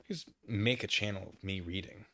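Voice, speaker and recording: A man's voice: on the low side, moderate pace, pushed and bright. A man streaming from his living room, chatting casually and reading chat aloud, rambling and self-deprecating.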